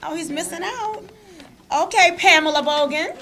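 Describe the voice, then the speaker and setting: A woman's voice: very high-pitched, normal speed, bright, forceful tone. A woman judge speaks proudly and with laughter as she introduces graduates at a courtroom ceremony. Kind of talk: ceremony remarks. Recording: noisy courtroom.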